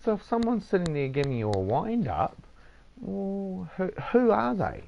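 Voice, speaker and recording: A man's voice: high voice, huge pitch swings, normal speed, creaky, darkish tone, slight background noise. A man streaming a game, casually lecturing his listener in a rambling, swearing way with lots of "mate". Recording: dull lo-fi sound.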